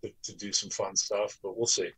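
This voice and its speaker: A man's voice: lowish voice, brisk, husky, rough recording. A man who owns a small business, a guest in a casual interview, telling stories animatedly and often repeating his words. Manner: animated storyteller, repeats himself.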